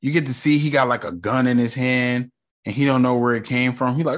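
A man's voice: mid-range voice, a little fast. A man from the United States hosting a casual solo podcast, rambling in a laid-back, slangy way with lots of fillers. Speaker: podcast host.

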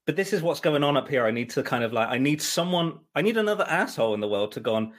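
A man chatting on a podcast, telling long, rambling stories in a mildly exasperated tone. He often stops and restarts his sentences and fills pauses with ums and uhs. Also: a little high, animated. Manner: rambling, exasperated storytelling with many fillers. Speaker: musical director and co-host. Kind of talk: casual chat.

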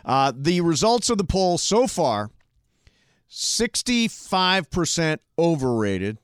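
A man's voice: fairly high pitch, big pitch swings, takes it slowly, clean tone, dry recording, clean studio sound. A man co-hosting a casual podcast, bantering and arguing his points. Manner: chatty, argumentative banter. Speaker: podcast co-host. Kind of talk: casual sports podcast chat.

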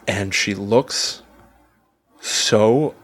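A man's voice: on the low side, breathy edge. A man co-hosting a podcast, telling a story in casual chat with lots of restarts, fillers and laughs. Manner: animated, halting storyteller with many restarts and laughs. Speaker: podcast co-host.

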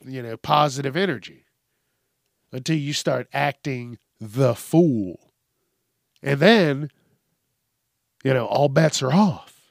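Male podcast host, casual cussing commentary, unhurried delivery, mid pitch, dead-dry room sound. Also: creaky, no room sound. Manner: rambling, profane, frequent fillers. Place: home studio with a mic stand. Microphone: stand microphone.

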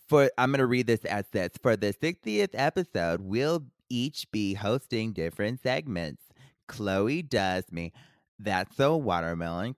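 A woman's voice: a bass voice, no room sound, clean studio sound. A woman co-hosting a casual podcast with her sisters, bossy and teasing, talking over the others. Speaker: podcast co-host.

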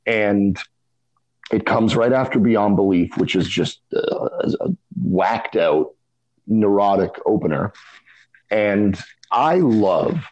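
Husky low-voiced man musing. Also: lively intonation, darkish tone, muffled recording. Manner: thoughtful, halting, with frequent restarts. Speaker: podcast co-host. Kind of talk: casual music discussion.

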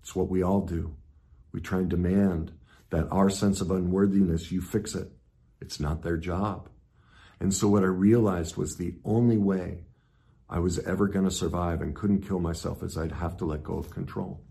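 Middle-aged male speaker, very low voice, earnest motivational talk that surges loud then drops to a hush. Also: steady tone, normal speed, creaky. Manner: swings from loud intensity to hushed reflection. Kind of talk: personal story talk.

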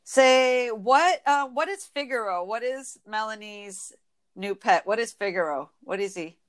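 A woman with a Michigan accent hosting a casual podcast chat, playful and quick to laugh as she acts out phrases. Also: on the high side. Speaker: podcast host.

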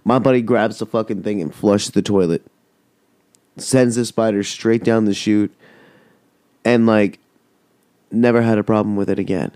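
A man's voice: lowish voice, fairly even intonation, moderate pace, long pauses, a little mellow, no echo, studio quality. A man hosting a podcast, telling a rambling, heavily profane story in casual chat. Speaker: podcast host.

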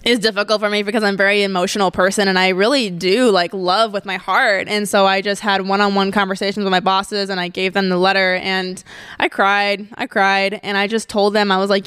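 A woman's voice: mid-range voice, level tone, fairly quick, fairly bright tone, smooth, dry recording, clean studio sound. A woman, hosting a solo podcast and chatting casually, gushing and laughing often. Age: 20s. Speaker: podcast host.

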